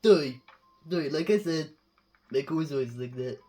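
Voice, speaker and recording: A deadpan companion voice, as a woman puts it on, mellow and dark in tone. It delivers flat, matter-of-fact remarks while guiding a player through a game, with soft game music underneath. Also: deep voice, moderate pace, voice pushed down.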